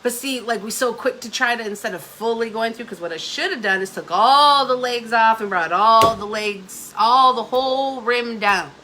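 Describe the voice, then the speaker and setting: A woman's voice: a little high, normal speed, hardly any pauses, sharp tone, slight background noise. A middle-aged woman host casually telling a candid, emotional story, rambling with many fillers. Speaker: host of a live talk stream.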